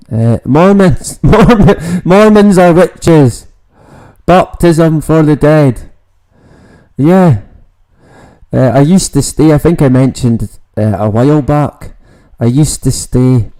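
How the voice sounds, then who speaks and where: A man's voice: mid-range voice, dark tone, rough recording. A man hosting a casual late-night livestream, rambling, swearing and greeting viewers in the chat. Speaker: livestream host.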